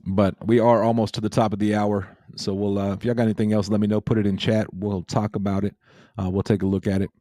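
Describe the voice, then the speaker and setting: Male livestream host, low mellow voice, loose repetitive chatter, dry close mic. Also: level tone, fast talker, dry recording. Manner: laid-back, repeats himself, reads chat aloud. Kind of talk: casual livestream chat with viewers.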